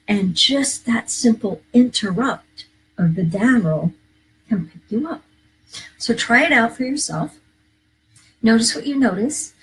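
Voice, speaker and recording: A woman's voice: fairly high pitch, slightly rough, poor audio. A woman minister hosting a live inspirational talk, earnest and coaching, repeating key phrases to her viewers. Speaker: minister and live show host.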